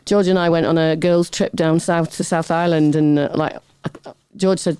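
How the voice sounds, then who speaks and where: A middle-aged woman with a warm, mellow voice spins one funny story after another as an interview guest. Her delivery is chatty and self-mocking, and she laughs easily between lines. The sound is close and dry, with no room in it. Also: deep voice, normal speed, hardly any pauses, clean tone, dry recording. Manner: chatty, animated anecdotes with laughter; self-deprecating humor.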